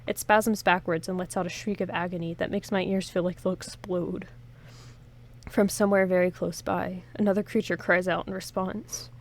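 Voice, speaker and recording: A woman's voice: on the low side, flat delivery, moderate pace. A woman reads an interactive story game aloud in first person, giving the narration a dramatic push. She stops now and then to chat and joke with her viewers before going back into the story. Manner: reads dramatically, breaks off for chatty, joking comments.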